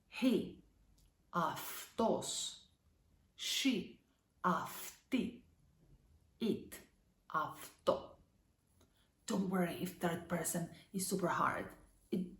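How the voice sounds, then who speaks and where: A woman teaching a language lesson online, upbeat and encouraging, saying each word slowly and carefully. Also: on the low side, creaky, roomy sound.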